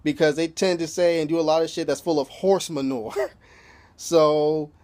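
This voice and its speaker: A man in a laid-back spoken recap of a TV episode, his voice sitting a little higher than most men's. He talks loosely and swears freely, leaning on "you know" over and over and breaking into small chuckles as he retells scenes. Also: fairly even intonation, moderate pace, a little mellow. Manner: loose and profane, constantly says "you know". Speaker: TV episode reviewer.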